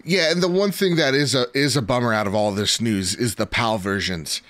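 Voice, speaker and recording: A man's voice: mid-range voice, normal speed, a bit bright. Rambling male podcast co-host. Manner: rambling, lots of "like" fillers. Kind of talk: casual chat.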